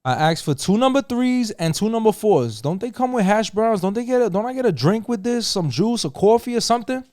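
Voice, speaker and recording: A man's voice: high voice, lively intonation, a little fast, a little mellow, no room sound. A middle-aged New York man tells a story with a lot of swearing, his voice slightly raised and swinging up and down as he acts out the other people. The sound is close and dry, with no room around it. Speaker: podcast co-host. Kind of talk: casual storytelling.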